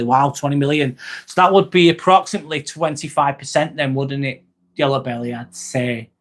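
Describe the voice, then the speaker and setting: A nurse in his 40s who hosts a livestream talks casually and bluntly with his viewers, leaning heavily on "um" and "mate." His voice is a little high and a touch fast, with fairly even intonation.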